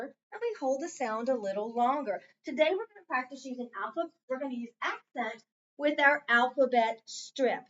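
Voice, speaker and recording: A woman teacher in a classroom, clearly and patiently prompting her students through a reading lesson. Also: sits high, lo-fi sound, a little hiss or hum. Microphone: camera set up in the room.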